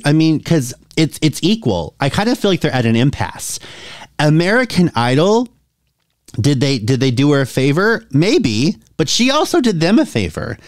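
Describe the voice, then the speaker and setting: A man's voice: on the high side, no echo, clean studio sound. A man hosting a casual reaction video, chatty and opinionated, laughing often as he talks. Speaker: host.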